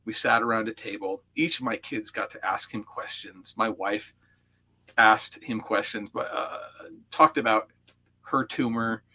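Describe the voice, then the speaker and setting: A man's voice: on the low side, a little slow, pushed and bright. A man, a coach, recounting personal memories as an interview guest, heartfelt and reflective, with frequent fillers. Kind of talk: storytelling in an interview.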